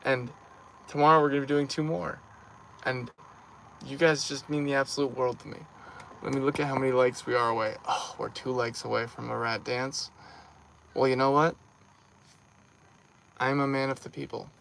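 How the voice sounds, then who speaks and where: A man hosting a casual livestream, playful and warm toward his viewers, his voice slightly hoarse and tired. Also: medium pitch, level tone, normal speed, pauses often, slight background noise, rough recording. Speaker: livestream host.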